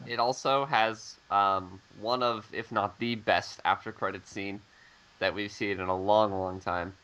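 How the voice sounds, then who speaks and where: A man's voice: lowish voice, steady tone, measured pace, bright, forceful tone, highs cut off. A man joining a casual podcast chat, chiming in with dry quips. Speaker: podcast guest.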